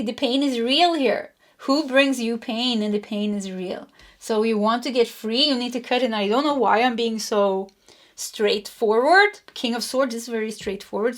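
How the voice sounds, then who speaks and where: A woman's voice: a little high, moderate pace, a bit bright. A middle-aged woman giving a pick-a-card tarot reading in a chatty way, repeating herself and laughing often. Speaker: tarot reader.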